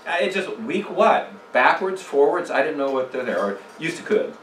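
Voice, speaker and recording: His voice sits on the high side, sing-song and a bit bright, at normal speed, with slight background noise. In a church room, he teaches a relaxed communication seminar, tossing questions to the crowd and telling jokes, recorded by a faraway mic amid echo.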